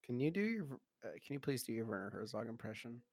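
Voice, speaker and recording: A man co-hosting a podcast in casual chat, halting with fillers and laughing easily. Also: medium pitch, big pitch swings, darkish tone, dry recording, clean studio sound. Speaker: podcast co-host.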